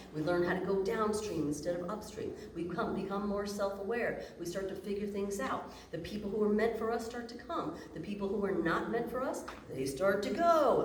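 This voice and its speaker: Playful and relaxed, a woman teaching human design addresses an audience in a room, her medium-pitched voice darkish in tone. She voices imagined inner thoughts aloud. Picked up by a distant mic in an echoey room, there's slight background noise.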